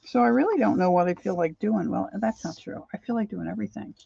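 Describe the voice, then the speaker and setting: A woman's voice: mid-range voice, fast, creaky, dark tone, husky, highs cut off. An older woman hosting a crafting livestream, chatting casually and greeting viewers by name as she works.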